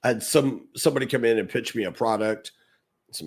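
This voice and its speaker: A middle-aged man co-hosting a podcast, telling an animated story and acting out the quotes. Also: medium pitch, quick pace, husky. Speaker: podcast co-host. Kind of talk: storytelling in casual podcast talk.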